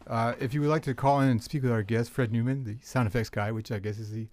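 Male public radio host, relaxed conversational interviewer, reads call-in details, mid-pitched voice. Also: quick pace. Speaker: radio talk show host. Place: radio studio.

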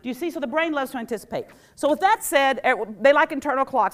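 A middle-aged woman and former teacher giving a lively workshop talk, quizzing the audience and leading call-and-response. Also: high-pitched, fast talker. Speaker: educator and workshop speaker.

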